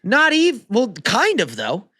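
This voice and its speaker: A man co-hosting a sports podcast, laid-back and swearing freely. His pitch moves around a lot as he talks. The sound is dry and close. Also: huge pitch swings, unhurried, sharp tone, husky, no room sound. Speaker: podcast co-host. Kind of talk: casual sports chat.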